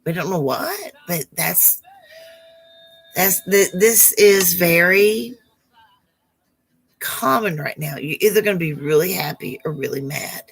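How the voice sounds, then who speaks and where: Slow, husky woman chatting live. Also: on the low side. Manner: affectionate, calls viewers baby, struggles over names. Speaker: psychic reader hosting a live Q&A. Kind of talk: casual live-stream chat with viewers.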